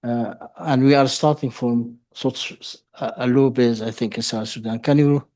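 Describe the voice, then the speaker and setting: Man chairing a panel, halting, mid voice. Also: medium pitch, steady tone, darkish tone. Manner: halting, with pauses. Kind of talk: moderating a panel.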